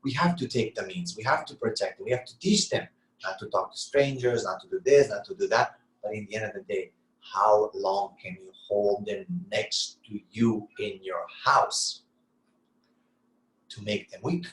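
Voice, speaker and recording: A man's voice: on the low side, moderate pace, roomy sound, poor audio. A middle-aged man giving an earnest sermon-style talk on parenting, asking rhetorical questions and answering them himself. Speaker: Islamic lecturer.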